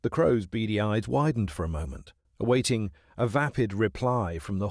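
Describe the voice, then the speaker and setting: A man narrating a dramatized children's audiobook in an expressive, unhurried way. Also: fairly low pitch, no echo, clean studio sound.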